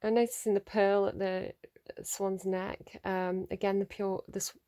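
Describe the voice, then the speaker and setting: A woman's voice: medium pitch, level tone, unhurried, dark tone, clean tone. A woman giving a casual tarot reading at home, rambling, laughing often and tripping over her words. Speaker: tarot reader.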